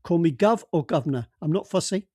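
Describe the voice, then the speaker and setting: A brusque, jovial middle-aged police boss, voiced by a man in an audiobook, booming out orders and brushing aside interruptions. His voice sits fairly high and is raised well above plain talk. The sound is dry and close. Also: animated, a little fast, breathy edge, no echo. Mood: bluff, bossy. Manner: loud, bluff and bossy, cuts others off. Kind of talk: audiobook character voice.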